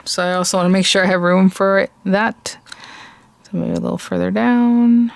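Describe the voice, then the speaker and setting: A woman's voice: medium pitch, flat delivery, moderate pace, gravelly. A woman hosting a casual crafting tutorial, chatty and thinking aloud as she works. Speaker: crafting host.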